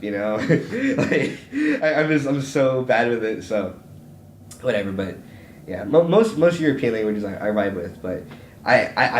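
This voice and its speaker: A man's voice: medium pitch, darkish tone. A young man from Las Vegas co-hosting a podcast, talking casually with lots of stammers and restarts. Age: young adult. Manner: rambling, quick restarts and stammers. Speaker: podcast co-host. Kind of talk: casual chat. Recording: echoey room, faint background hiss.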